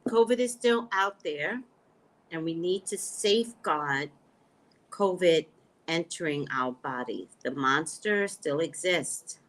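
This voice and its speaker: An animated woman hosts a psychic livestream from home, chatting straight to her viewers through a webcam mic. She takes her time, and her pitch swings up and down a lot. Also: slow pace. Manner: animated, talks straight to viewers, laughs often. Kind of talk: casual livestream chat with viewers.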